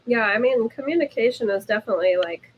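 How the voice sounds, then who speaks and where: A woman's voice: on the high side, animated, fast talker, dull audio, a little hiss or hum. A woman co-hosting a relationship coaching talk, explaining ideas in long flowing sentences. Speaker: life coach co-host. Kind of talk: casual conversation.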